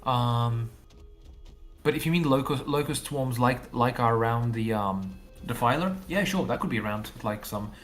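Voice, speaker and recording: A game developer talks through his ideas on a casual livestream. He thinks out loud in long, loose runs, stacking up repeated fillers and restarts as he goes. His voice sits at an ordinary middle pitch for a man. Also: normal speed, faint music behind.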